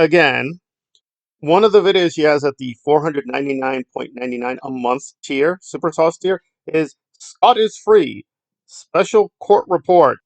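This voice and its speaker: A man's voice: on the high side, creaky, no echo. A middle-aged man giving blunt, sarcastic commentary in a rambling vlog. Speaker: YouTube commentator.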